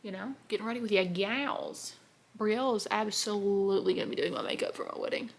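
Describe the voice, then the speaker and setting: A woman's voice: medium pitch, fairly quick, creaky. A young woman, chatting in a bubbly, rambling way while doing her makeup on camera. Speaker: beauty vlogger. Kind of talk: casual get-ready-with-me chat.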